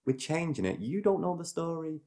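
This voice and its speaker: A man's voice: on the high side, lively intonation, fairly quick, mellow. A young man with a Manchester accent co-hosting a podcast, talking in a playful, rambling, jokey way. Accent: Mancunian. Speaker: podcast co-host. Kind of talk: casual chat.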